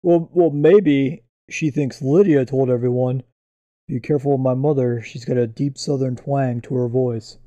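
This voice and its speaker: A man's voice: mid-range voice, fairly even intonation, normal speed, dark tone, no echo. A man chatting casually as co-host, mostly chiming in with short replies and guesses. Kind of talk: casual chat.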